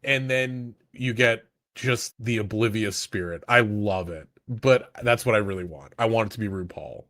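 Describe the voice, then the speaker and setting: A man co-hosting a podcast, in casual, profane banter, animated and jokey, swinging into exaggerated impressions. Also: on the low side, normal speed, no room sound, clean studio sound. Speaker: podcast co-host.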